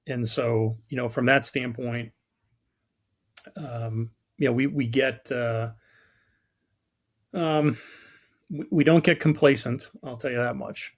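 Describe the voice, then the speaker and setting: A man from New York, a guest in a casual podcast conversation, telling stories and jokes with a cynical, self-deprecating humor and acting out the voices. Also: medium pitch. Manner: storytelling, acts out voices in jokes. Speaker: guest, product marketing lead.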